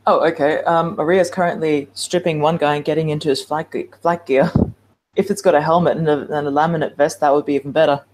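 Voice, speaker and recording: A woman's voice: low-pitched, steady tone, fast talker, darkish tone, slight background noise. A woman chatting casually as a player in a tabletop game.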